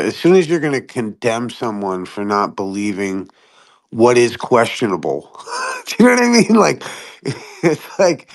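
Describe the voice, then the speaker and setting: A man chatting casually on a podcast, swearing often and jumping into high-pitched impressions of other people. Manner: profane, animated, mimics people in high voices. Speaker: podcast host. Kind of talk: casual chat.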